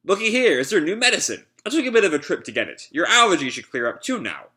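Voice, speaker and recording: A man voicing a kind, cheerful adoptive father who gently teases his son, in a lightly raised, warm reading. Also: high-pitched, very animated, quick pace, voice pushed up, heavily acted. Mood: fond.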